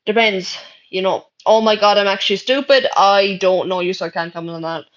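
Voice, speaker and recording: A woman's voice: medium pitch, fairly even intonation, a little fast. A young Irish woman streaming live, reading chat messages aloud in brash, sweary casual talk. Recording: dull lo-fi stream audio.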